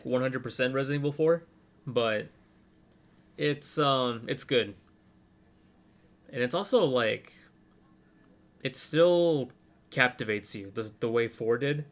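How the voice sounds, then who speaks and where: A man co-hosting a casual gaming podcast, talking in a relaxed, rambling way full of fillers. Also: medium pitch, a little slow, long pauses. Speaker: podcast co-host.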